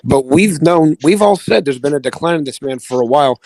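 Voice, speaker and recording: Male co-host, earnest and fast, dry sound. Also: on the high side, expressive, darkish tone, dry recording, low-quality recording. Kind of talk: casual chat.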